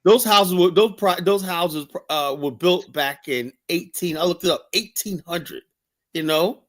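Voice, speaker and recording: A man hosting a heated casual debate show, talking in an animated, repetitive way and swearing often. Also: high-pitched, a little slow. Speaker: host.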